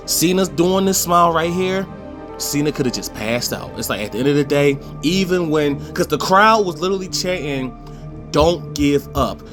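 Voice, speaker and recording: A man's voice: a little high, lively intonation, normal speed, music in the background. A man, passionately ranting in a casual opinion vlog and swearing freely. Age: 20s. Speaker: commentator.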